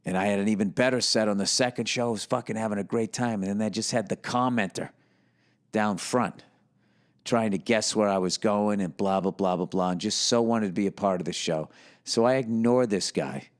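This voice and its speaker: A man's voice: on the low side, a little fast. Profane ranting man in his fifties. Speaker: podcast host. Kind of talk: casual storytelling monologue.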